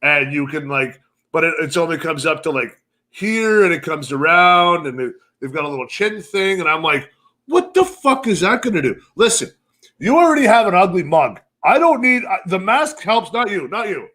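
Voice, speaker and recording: Loud, swearing man in casual banter. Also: fairly high pitch, very animated, moderate pace. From Canada. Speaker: podcast co-host. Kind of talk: casual profane chat.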